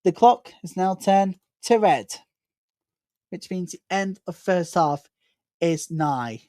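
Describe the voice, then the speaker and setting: A woman's voice: fairly low pitch, takes it slowly, no room sound. Woman commentating live football, dry close sound. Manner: chatty play-by-play, builds excitement on attacks. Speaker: host of a live football watchalong.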